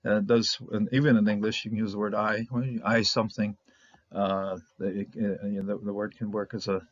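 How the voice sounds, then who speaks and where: A man's voice: lowish voice, little pitch movement, brisk, dry recording. A man giving a casual, rambling Bible Hebrew lesson, repeating words and chuckling as he explains. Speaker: Hebrew teacher. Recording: dull lo-fi recording.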